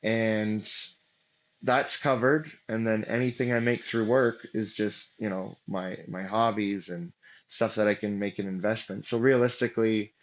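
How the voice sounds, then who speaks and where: A man's voice: on the low side, fairly even intonation, measured pace, highs cut off. A man as interview guest, telling his story casually with lots of fillers and restarts. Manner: rambling, many fillers and restarts.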